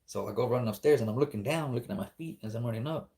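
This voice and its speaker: A man's voice: medium pitch, very fast, dark tone. A man telling a spooky story in a casual, rambling, profane way, acting out the dialogue as he goes.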